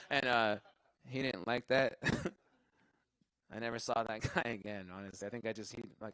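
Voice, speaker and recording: A man's voice: medium pitch, fast talker, sharp tone, dry recording, rough recording. Young male comic, loose rambling stand-up delivery, swears a lot, dry mic sound. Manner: rambling, laughs at his own jokes, profane. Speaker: stand-up comedian. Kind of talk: stand-up comedy set. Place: live show venue.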